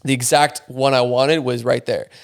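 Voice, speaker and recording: A man's voice: medium pitch, steady tone. A young man, a podcast guest, telling a story in casual chat, swearing often and packing his talk with filler words. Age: young adult. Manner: rapid, profane, heavy filler words.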